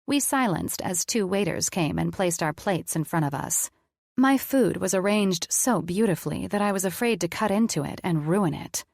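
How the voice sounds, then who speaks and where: A woman reading a first-person audiobook with a candid, conversational and blunt delivery. Her voice sits low and the recording is very dry and close. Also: expressive, normal speed, creaky, darkish tone, no room sound. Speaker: audiobook narrator.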